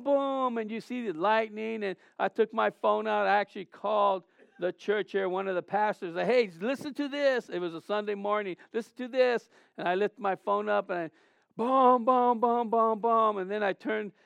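Man preaching, high voice, smooth and clear, dry close sound, conversational, animated storytelling. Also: no echo, dull audio. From Southern California. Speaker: pastor. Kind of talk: sermon.

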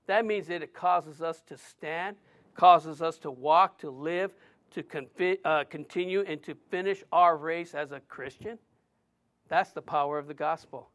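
This is a male pastor delivering a sermon with a noticeably high voice. He preaches emphatically, stacking short phrases one after another to drive each point home. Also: a little slow, a bit bright.

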